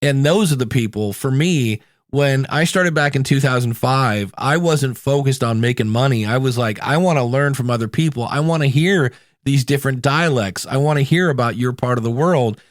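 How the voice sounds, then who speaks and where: A middle-aged man from the United States hosting a solo podcast, talking in a chatty, conversational way with animated asides. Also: mid-range voice, normal speed, hardly any pauses, dry recording, clean studio sound. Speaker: podcast host.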